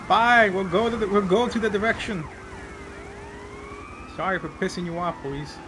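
A man giving excitable live gameplay commentary, yelping, laughing and calling out to a teammate. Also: high voice, moderate pace, long pauses. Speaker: gamer streaming gameplay. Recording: loud game sirens and traffic behind. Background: game sirens and vehicle noise.

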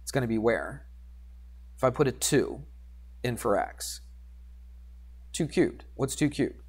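A man teaching algebra to a class, animated and teasing, coaxing students with questions. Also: medium pitch, measured pace, slightly rough. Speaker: high school math teacher. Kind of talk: classroom lecture.

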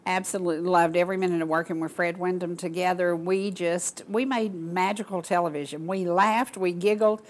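A woman's voice: on the low side, fairly even intonation, fairly quick, few pauses, slight background noise. An older woman from Georgia, hosting a local talk show and chatting casually to viewers in a gushing, folksy way. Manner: gushing, folksy, addresses audience as y'all.

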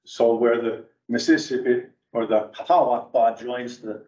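A man's voice: mid-range voice, a little slow. Rambling man, distant in a roomy hall. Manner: rambling, digressive, animated storyteller. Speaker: guest speaker. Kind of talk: adult education talk. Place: church meeting room. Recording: roomy, distant, dull church hall recording.

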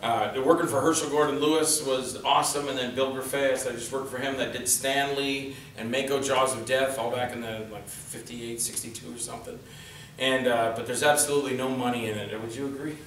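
A man telling animated stories on a convention panel, acting out what others said in raised voices. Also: medium pitch, a little fast. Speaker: indie film actor and stuntman, panelist. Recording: roomy hall from far off, faint noise.

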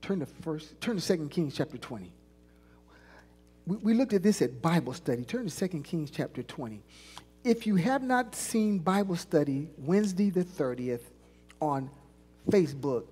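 Her voice low, mellow, and a touch breathy, a woman pastor preaches in a church sanctuary where the reverb lingers long. She prompts the congregation to echo phrases back in call-and-response and lengthens important lines for emphasis.

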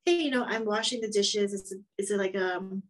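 A woman's voice: mid-range voice, fairly quick, a crowd in the background, rough recording. Reflective woman guest, many fillers. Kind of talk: casual conversation.

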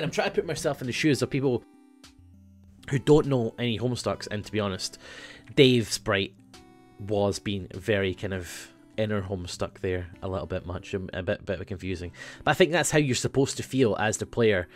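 Excitable man in gaming commentary. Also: fairly low pitch, moderate pace, soft background music. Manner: excitable, chatty, trailing off into mumbles. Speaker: gaming channel host. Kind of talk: casual let's play commentary.

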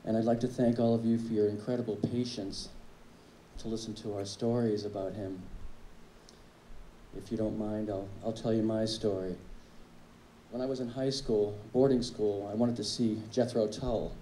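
A man, a drummer, telling relaxed, wry anecdotes in a tribute speech on a live club stage. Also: fairly low pitch, normal speed, slight background noise. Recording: echoey club with faint ambience.

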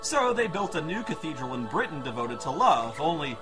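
A man's voice: fairly high pitch, sing-song, normal speed, music in the background. A man reviewing a video game in a sarcastic, profane, exasperated comic rant.

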